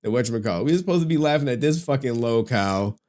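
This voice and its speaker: A man's voice: mid-range voice, animated, fast talker, darkish tone. A man in his forties hosting a casual livestream, swearing often, laughing through his words and getting emotional. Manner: profane, laughing, emotional, slangy. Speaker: livestream host.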